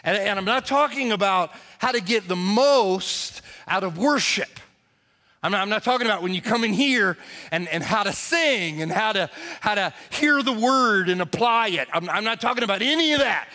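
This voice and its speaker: A man's voice: high-pitched, lively intonation, moderate pace, pushed and bright. A male pastor preaching a sermon, emphatic and repeating words as he stresses his points.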